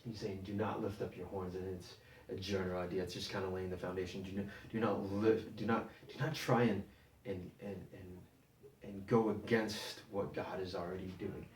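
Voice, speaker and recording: A man preaching a sermon, halting and repeating words as he explains scripture. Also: sits low, flat delivery, darkish tone, slight background noise. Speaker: pastor. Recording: echoey room, mic at a distance.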